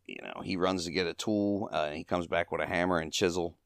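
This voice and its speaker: This podcast host has a low, creaky but smooth voice with a steady tone, speaking briskly in a dry, studio-quality recording. Recapping an old comedy short in a casual way, he keeps chuckling at the gags and voices the quoted lines himself.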